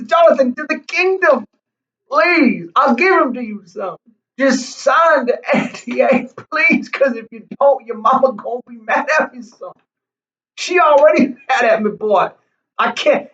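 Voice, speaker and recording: A man's voice: very high-pitched, bright, forceful tone, recorded from a distance, dull audio, full character voice. A man doing a comedic impression of an older male TV preacher, with a whiny, pleading drawl that repeats names over and over.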